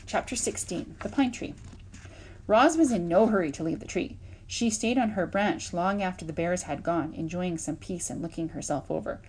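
A woman's voice: fairly low pitch, normal speed, husky. Woman reading a children's storybook aloud. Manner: expressive, lively narration with voiced sound effects. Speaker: audiobook reader.

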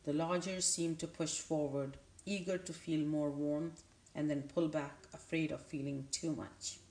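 A woman narrating a children's novel aloud in a measured, unhurried way, with a few small restarts. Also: sits low, fairly even intonation, a little mellow, echoey room. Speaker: audiobook narrator. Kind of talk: storybook read-aloud.

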